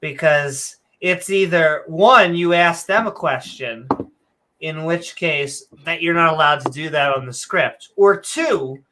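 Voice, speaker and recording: A woman's voice: low-pitched, slow, fairly bright tone. A woman co-hosting a casual livestream chat, joking and rambling with chuckling asides. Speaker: co-host.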